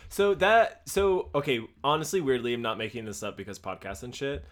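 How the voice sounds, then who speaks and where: A man co-hosts a casual podcast chat, jumping in with quick reactions and frequent laughs. His pitch swings widely as he talks, and he often restarts sentences with repeated words. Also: sing-song. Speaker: podcast co-host.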